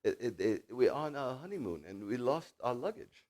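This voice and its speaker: Preacher putting on a stammering German tourist. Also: male voice, mid-range voice, big pitch swings, moderate pace, a little mellow, natural voice. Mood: sheepish. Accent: German put on. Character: German honeymooner man, sheepish and stammering.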